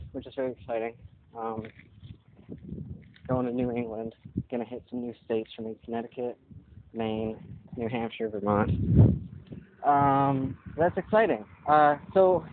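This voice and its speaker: A man's voice: on the high side, vocal fry. A young man rambling while walking outdoors, thinking aloud with lots of fillers, recording a vlog on his phone. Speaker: vlogger. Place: outdoors walking along a street. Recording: tinny phone-like audio with noise.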